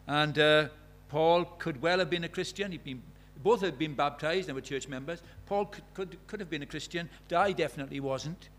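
A man's voice: fairly high pitch, normal speed, hardly any pauses, fairly bright tone. A man preaching a sermon, earnest and questioning, retelling conversations as dialogue.

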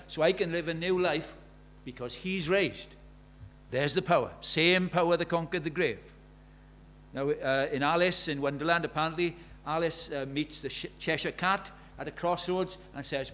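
Emphatic preacher with a higher voice. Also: male voice, normal speed, fairly bright tone. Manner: emphatic, repeats key phrases and asks rhetorical questions. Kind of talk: sermon.

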